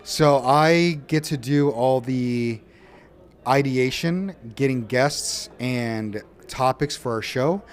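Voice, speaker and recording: A man in his thirties speaks earnestly in a casual faith podcast. His voice sits at a middle pitch, and he tells stories with feeling. He gets animated when quoting others. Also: slow pace. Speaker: podcast co-host and show producer.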